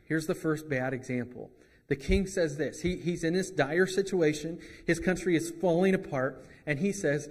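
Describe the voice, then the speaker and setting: A man's voice: on the high side, normal speed, slightly rough, big-room sound. A man preaching a sermon as pastor, in a conversational way with joking asides.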